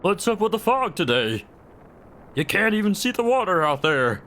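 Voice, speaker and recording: A man's voice: a little high, animated, normal speed, fairly bright tone. A man voicing a spunky young female thief with a put-on Australian accent, as he reads game dialogue. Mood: wary.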